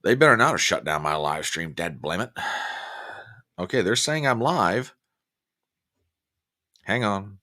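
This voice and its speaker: Chatty, animated male livestream host. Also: low voice, unhurried, long pauses. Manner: chatty, joking, greets viewers by name. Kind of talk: casual live-stream chat.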